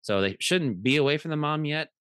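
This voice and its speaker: A man's voice: fairly high pitch, a little fast, smooth, no room sound, clean studio sound. A man in his thirties, a podcast co-host, telling casual stories full of fillers and restarts. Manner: rambling, animated anecdotes with many fillers. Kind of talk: casual storytelling chat.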